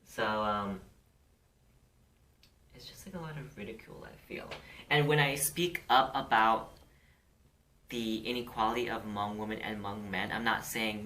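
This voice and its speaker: A woman co-hosts a casual podcast chat, candid and outspoken, swearing freely and speaking with conviction. Her voice is extremely low and fairly bright, with a measured pace, long pauses and slight background noise.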